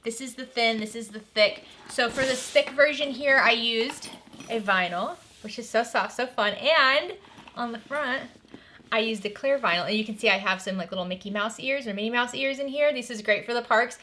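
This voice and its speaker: A bubbly young woman talks through a sewing tutorial in a chatty, upbeat way. Her voice is bright and forceful, sitting a little high for a woman. She sounds eager and easygoing as she explains each step. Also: normal speed, a little hiss or hum. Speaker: sewing pattern designer and channel host.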